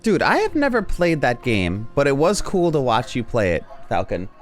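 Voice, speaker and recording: A man's voice: mid-range voice, huge pitch swings, normal speed, faint music behind. A man chatting casually while streaming a game, rambling and laughing often. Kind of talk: casual gameplay commentary.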